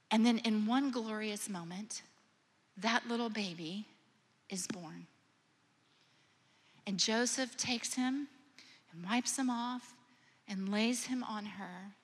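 A woman, a mother herself, retelling a scripture story as a gentle, imaginative sermon with hushed moments. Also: medium pitch. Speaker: preacher or speaker. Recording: long hall reverb.

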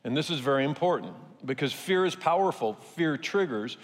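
A man's voice: a little high, animated, a little fast, big-room sound. A male pastor preaching a conversational sermon, repeating key phrases and acting out quotes.

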